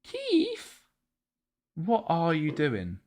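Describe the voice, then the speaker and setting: A man streaming a football management game, commentating live and chatting with his viewers. He gets excitable and yells at the match. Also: mid-range voice, a little slow.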